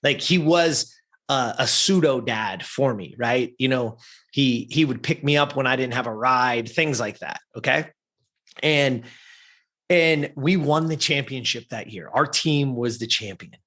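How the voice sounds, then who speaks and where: Man, mid-pitched, husky voice, animated podcast guest telling a personal story. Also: measured pace. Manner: animated, addresses listeners directly.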